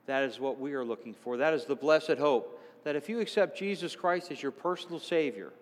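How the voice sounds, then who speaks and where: A man delivers a sermon in a fairly high voice, earnest and shifting between hushed reflection and bursts of excitement. His words ring out with a long hall reverb around him. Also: a little fast. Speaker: preacher.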